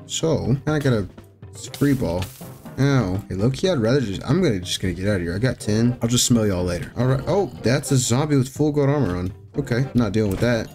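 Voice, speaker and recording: Excitable young man gaming. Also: mid-range voice, a little fast. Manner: jokey, excitable, yelps at scares. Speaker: gaming YouTuber. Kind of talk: Minecraft commentary. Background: faint music.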